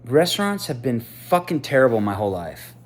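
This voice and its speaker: A man in his fifties, a contractor, swearing constantly in a personal rant to camera, swinging from loud outbursts to quiet musing. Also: mid-range voice, big pitch swings, a little fast. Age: 50s. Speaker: contractor and aspiring sandwich maker.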